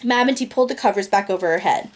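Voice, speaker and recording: A woman's voice: mid-range voice, rapid-fire. A young woman reading a comic novel aloud casually, amused and giggling often, drawling the profanity. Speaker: audiobook reader.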